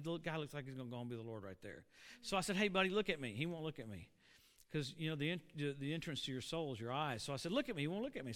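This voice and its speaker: Animated preacher man, bright and ringing. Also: a little high, clear, resonant tone. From Oklahoma. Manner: animated, storytelling, asking the congregation questions. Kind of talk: storytelling sermon. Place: church. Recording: echoey church hall.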